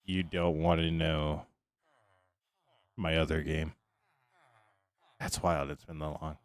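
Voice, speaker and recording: Deep-voiced tired male streamer, dry sound. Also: takes it slowly, no echo. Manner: relaxed, chatty, greets chat by name. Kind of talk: casual live-stream chat.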